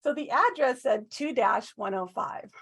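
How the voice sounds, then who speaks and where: A woman giving a humorous storytelling speech at a club, animated and self-mocking, often asking the audience questions. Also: on the high side, a little slow, breathy edge. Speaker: club speaker.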